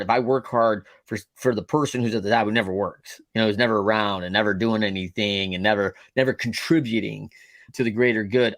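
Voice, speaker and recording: A man hosting a podcast, talking about leadership in a rambling, animated way with many fillers. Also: on the low side, dry recording. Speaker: podcast host and leadership coach. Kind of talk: casual interview chat.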